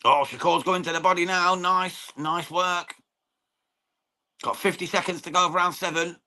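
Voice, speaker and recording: Bright-voiced English lad commentating live. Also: male voice, high-pitched, steady tone, moderate pace. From England. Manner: chatty, informal, swears freely, says mate often, thanks viewers. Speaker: watchalong stream host. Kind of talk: live boxing watchalong commentary and chat with viewers.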